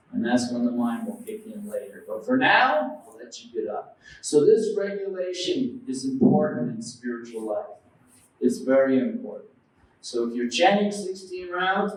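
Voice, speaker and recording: Speaking at a normal pace with big pitch swings, this mid-range male voice belongs to a U.S. preacher delivering a devotional lecture in a temple hall. He tells stories, voices quoted characters, and puts questions to the audience, recorded from afar in heavy echo with slight hiss or hum.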